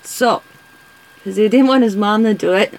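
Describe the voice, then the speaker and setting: A woman's voice: mid-range voice, moderate pace, gravelly, poor audio. A woman vlogger chatting casually with viewers, telling rambling stories and answering comments. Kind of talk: casual live-stream chat.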